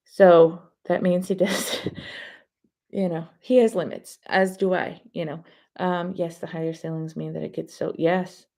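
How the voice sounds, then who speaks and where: A rambling woman hosts a relaxed live-stream chat, answering her viewers' comments between stories. Her voice sits low and carries a gravelly fry. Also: measured pace.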